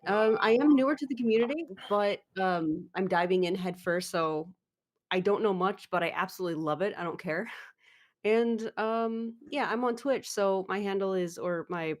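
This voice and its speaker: A woman's voice: medium pitch, moderate pace. A young woman introducing herself as a streamer on a podcast, bubbly and giggly, with lots of hesitant ums. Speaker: Twitch streamer guest. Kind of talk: casual podcast chat.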